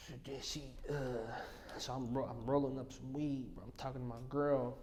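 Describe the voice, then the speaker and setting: A man's voice: medium pitch, moderate pace, background noise. A young man telling an emotional story in a casual interview in a studio, slangy and often saying "you know what I'm saying". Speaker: interview guest.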